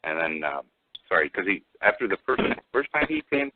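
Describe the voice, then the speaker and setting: A man telling a rambling personal story over the phone, halting with many restarts and fillers. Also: deep voice, very animated, dry recording. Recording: tinny phone line, dry.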